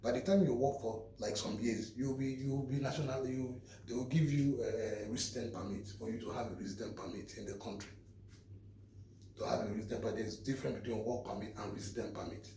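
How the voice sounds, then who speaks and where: A man's voice: medium pitch, steady tone, brisk, warm tone, a little hiss or hum. A man vlogger giving earnest, repetitive advice to his viewers in a casual talk. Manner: earnest, preachy, repeats himself. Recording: roomy, from a distance.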